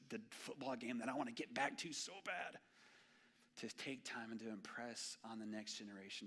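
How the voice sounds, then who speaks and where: A young man preaching a sermon in a church, telling stories with a lively voice that rises for quoted exchanges and drops soft and low for solemn parts. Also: fairly quick. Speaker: pastor. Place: church sanctuary.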